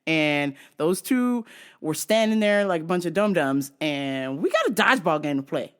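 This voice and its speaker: A woman's voice: low-pitched, moderate pace. A woman hosting a casual show, telling crude comedic stories with lots of laughter. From African. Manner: crude, laughing, animated storyteller. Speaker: podcast host.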